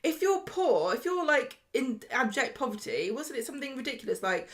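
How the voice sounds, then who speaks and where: A woman's voice: sits high, expressive, moderate pace. A woman co-hosting a casual chat about a TV soap, exasperated and sarcastic, often laughing. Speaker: podcast co-host.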